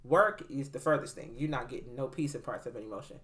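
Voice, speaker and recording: A woman's voice: rumbling low, fast, crowd noise. A woman co-hosting a casual chat, telling stories animatedly and often laughing as she talks. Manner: animated storyteller, laughs while talking.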